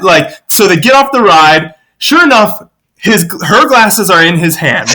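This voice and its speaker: A man guest on a podcast, telling a family anecdote in a lively, animated way. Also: a little slow. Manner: lively storyteller, acts out quoted voices with big pitch jumps.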